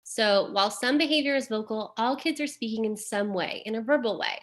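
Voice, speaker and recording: A woman's voice: fairly high pitch, a little fast. A woman presenting a caregiver webinar as a behavior analyst, explaining terms plainly with frequent "um" and "like". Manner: explanatory, uses fillers like "um" and "like".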